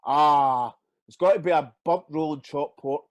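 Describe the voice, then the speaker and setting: A man's voice: on the high side, a little slow, noisy background. A middle-aged Scottish man, a retired footballer, telling stories in a casual interview, swearing freely and acting out what people said. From Scotland. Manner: animated, swears freely, acts out quotes.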